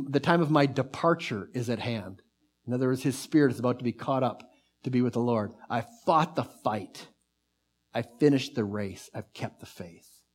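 A man preaching a sermon, fervent and earnest, surging up in bursts and dropping to soft, drawn-out lines. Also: mid-range voice. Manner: fervent, pace and volume swell then drop to soft near-whisper.

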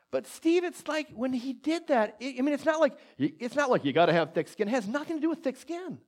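A pastor whose voice sits high preaches in a conversational style, recounting a personal story with frequent restarts. He softens to a hushed voice for quoted prayer.

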